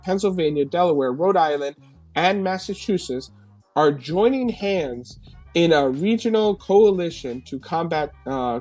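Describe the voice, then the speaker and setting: A man's voice: on the high side, a little mellow. A man from New York hosting a live stream, reading news headlines aloud and mocking them with profane, sarcastic asides and frequent laughter. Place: home.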